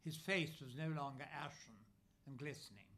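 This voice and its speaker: A man reading a literary novel aloud as narrator, in measured phrases with frequent pauses. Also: mid-range voice, gravelly, a bit bright, a little hiss or hum. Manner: measured, pausing often between phrases. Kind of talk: scripted narration.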